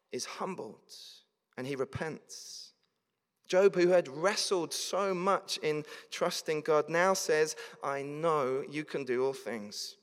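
Preacher in a reverberant hall. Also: male voice, a little high. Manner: reads scripture aloud, then explains it conversationally. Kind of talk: sermon. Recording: long reverb of a large hall.

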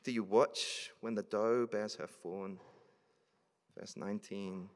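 A man's voice: on the low side, fairly even intonation, slow pace. A man preaching a sermon, reading scripture verses aloud and then explaining them in a conversational way. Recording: long reverb of a large hall.

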